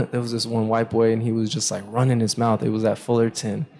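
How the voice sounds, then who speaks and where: Co-hosting a podcast, this young man speaks fairly quickly in a low, creaky voice. His storytelling is animated and casual, and he belts out quoted lines as he acts out other people.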